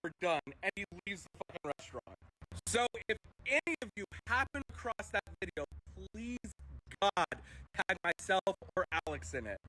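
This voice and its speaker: A streamer reading a funny story aloud on a live stream, animated and profane, laughing easily. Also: mid-range voice, moderate pace, low-quality recording.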